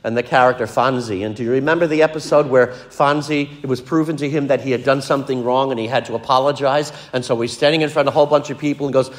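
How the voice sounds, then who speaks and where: A man's voice: medium pitch, fairly even intonation, quick pace, hardly any pauses, big-room sound. An older man preaching a sermon in an earnest way, acting out the voices he quotes.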